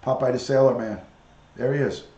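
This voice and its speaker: A man's voice: mid-range voice, steady tone, a little fast, dark tone, echoey room, dull audio. A man hosting a casual live stream, chatting with viewers and coaxing his parrot to talk.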